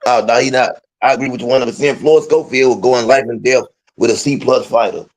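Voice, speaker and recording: A man's voice: mid-range voice, fairly quick. A man co-hosts a casual boxing talk show, giving blunt, slangy takes on fighters. His voice sits in a plain middle range. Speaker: co-host.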